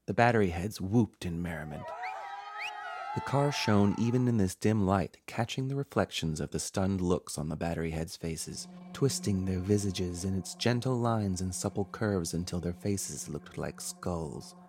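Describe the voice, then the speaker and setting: A man's voice: sits low, normal speed, darkish tone, slight background noise. A man hosting a podcast, reading a scripted horror story in a theatrical, playfully sinister way.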